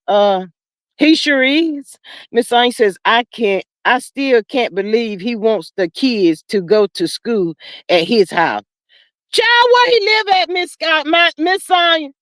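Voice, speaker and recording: Sassy, chatty woman hosting a gossip stream. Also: dry recording. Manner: chatty, sassy, drawn-out gossip with frequent "child" and "y'all"; laughs between comments, swings high for emphasis. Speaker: live-stream host. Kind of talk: casual gossip live stream, reading viewer comments aloud.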